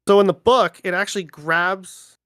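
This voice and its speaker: A man, a livestream guest chatting in a relaxed, rambling way with many fillers. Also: high voice, normal speed, clean tone, dry recording, studio quality. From Ontario, Canada. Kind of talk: casual chat on a livestream.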